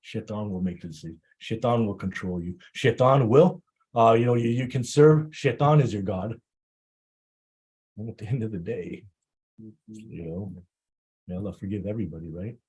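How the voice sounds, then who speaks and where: A man preaching a Muharram sermon, halting often and repeating words as he builds his story. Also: fairly low pitch, a little mellow, breathy edge.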